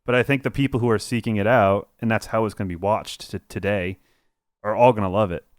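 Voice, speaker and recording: A man's voice: lowish voice, fairly even intonation, quick pace, no echo, clean studio sound. A man co-hosting a casual film podcast, thinking aloud with hesitations. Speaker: podcast co-host. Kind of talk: casual film review chat.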